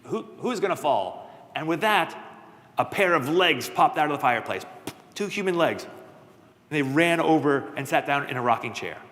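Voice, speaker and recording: A man telling a children's story at a worship service, playful and lively, with asides to his listeners. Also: fairly high pitch, normal speed. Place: church sanctuary. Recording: long church reverb.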